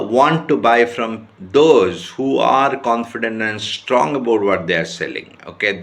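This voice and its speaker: A man teaching sales skills in an informal talk to camera, often checking in with his listeners and pausing on fillers. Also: lowish voice, a bit bright. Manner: repeats checking questions and hesitates with many fillers. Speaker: sales trainer.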